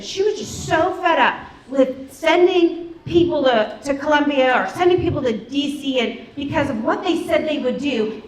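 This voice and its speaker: Woman, political candidate, a touch high-pitched, emphatic stump-speech delivery, echoey meeting hall. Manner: earnest, emphatic, with quick repeated phrases. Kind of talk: campaign speech.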